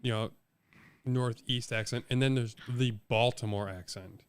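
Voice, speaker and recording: A man's voice: medium pitch, steady tone, a little slow, clean tone. A man from the far south of Wisconsin and Illinois co-hosting a podcast, rambling and swearing casually. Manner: rambling, profane, with mock accents. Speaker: podcast co-host. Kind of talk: casual chat.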